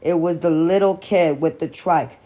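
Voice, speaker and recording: A woman reading a horror novel aloud in a steady, expressive storytelling voice. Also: on the low side, moderate pace. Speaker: audiobook reader.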